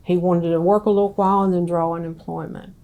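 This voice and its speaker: A middle-aged woman, telling her own story in an interview in a plain, unhurried way. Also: fairly low pitch, level tone, phone-quality sound. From Southern US. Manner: slow, plain-spoken storytelling. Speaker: interviewee, ex-wife of a street preacher. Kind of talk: recounting her life in an interview.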